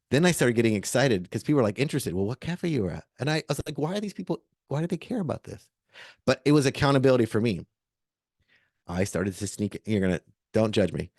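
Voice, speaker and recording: A middle-aged man, a book coach, telling a story in a lively way, acting out the voices he quotes and laughing often. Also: medium pitch, no echo, studio quality. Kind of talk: animated storytelling advice.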